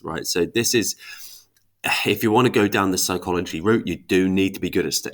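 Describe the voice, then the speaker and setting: A man's voice: low voice, a bit bright. A young man with a sniffly cold, teaching psychology statistics over slides in a chatty way with emphatic rhetorical questions.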